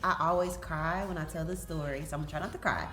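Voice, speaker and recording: A woman's voice: sits low, quick pace, echoey room. A woman who leads a ministry, hosting a casual group conversation and telling stories with lots of laughter. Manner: animated, laughing storyteller. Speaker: ministry leader hosting a reunion.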